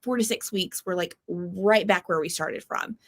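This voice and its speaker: A woman's voice: lowish voice, moderate pace, a bit bright. Chatty woman agent on a video call. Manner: chatty, storytelling with many fillers. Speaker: real estate agent. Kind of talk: casual panel chat.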